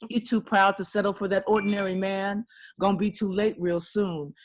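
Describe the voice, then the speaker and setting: A woman's voice: mid-range voice, flat delivery, moderate pace, voice pushed up, natural voice. A woman voicing a scolding older woman who nags and needles a younger one during a spoken-word poem. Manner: sharp, needling, mocking scold.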